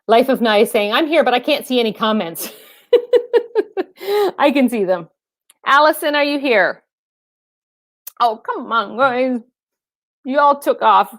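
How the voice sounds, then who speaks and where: A woman's voice: a little high, no echo, studio quality. Chatty woman hosting a live stream. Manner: chatty, laughs often, talks to viewers by name. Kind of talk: casual live-stream chat.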